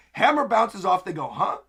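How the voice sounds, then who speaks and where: A young man streams a live manga reaction, describing each panel as he reads it and erupting into runs of excited exclamations. His voice is bright and slightly husky, and it swings widely in pitch. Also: normal speed. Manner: excitable, breaks into stacked exclamations; narrates panels while reading aloud. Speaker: anime streamer.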